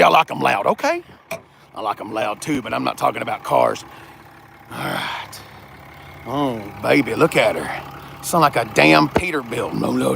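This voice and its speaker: A man's voice: mid-range voice, creaky, noisy background. A man in a casual, jokey, rambling vlog, talking to his live chat while showing a truck. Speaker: car vlogger. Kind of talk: casual livestream walkaround.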